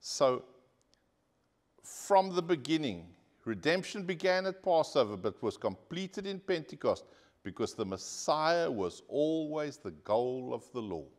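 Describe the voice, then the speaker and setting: A man's voice: a little high, very animated, measured pace. A male pastor preaching a sermon to his congregation, earnest and direct, asking the people for an amen. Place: church.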